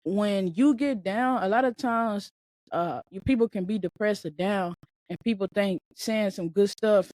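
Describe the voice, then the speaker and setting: A woman hosting a podcast as a mindset speaker, talking in a blunt, colloquial, animated way with frequent repeats and the odd swear word. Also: mid-range voice, a little slow, no room sound. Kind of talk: casual motivational monologue. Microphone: podcast microphone.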